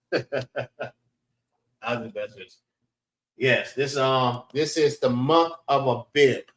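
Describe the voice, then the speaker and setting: A man leads a relaxed scripture lesson at an ordinary middle pitch, stopping often to check in with "all right." The room is roomy and echoing. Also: slow pace. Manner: relaxed, repeats "all right" between points. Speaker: class teacher. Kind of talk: informal scripture class lesson. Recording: roomy echo.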